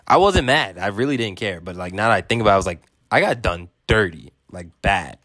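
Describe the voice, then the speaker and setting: A man's voice: lowish voice, expressive, fairly quick, fairly bright tone, dry recording, studio quality. A young man telling a story casually, laid-back and rambling with lots of fillers. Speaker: vlogger.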